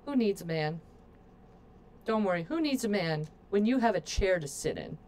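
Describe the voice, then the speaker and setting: A woman's voice: medium pitch, expressive, moderate pace, a little mellow, a little hiss or hum. A woman streaming a game, chatting playfully to her viewers as she plays. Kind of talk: casual gameplay commentary.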